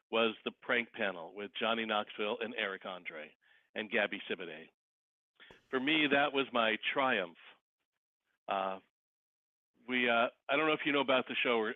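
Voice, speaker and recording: A wedding officiant who also impersonates celebrities joins an interview as a guest, his voice coming through a dry, close, phone-like line with no echo. Speaking at normal speed with long pauses, he uses a mid-range voice to tell casual stories energetically, acting out each quoted voice.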